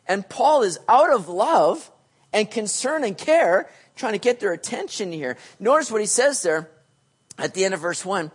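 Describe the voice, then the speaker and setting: A pastor preaching a sermon, animated, switching between loud emphasis and hushed asides, and acting out quoted voices. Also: mid-range voice, normal speed, breathy edge. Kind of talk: sermon teaching on a Bible passage.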